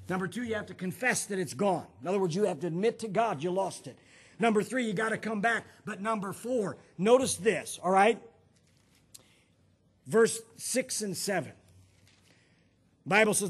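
Husky, high-voiced preacher man. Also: a little fast. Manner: animated storytelling, swings from shouting to hushed confession. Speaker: pastor. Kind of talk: sermon with personal story.

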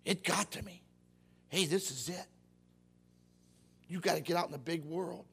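A middle-aged preacher with a high voice for a man. He preaches in a folksy, animated way, acting out the voices of the people he talks about. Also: normal speed, gravelly, slightly rough. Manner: folksy, animated, acts out quotes. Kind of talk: sermon.

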